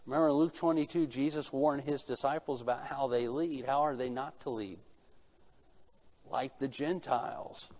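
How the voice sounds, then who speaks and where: A man's voice: mid-range voice, normal speed, darkish tone. A middle-aged man preaching a sermon, earnest, asking rhetorical questions and answering them himself. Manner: earnest, rising in intensity at key points. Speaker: pastor.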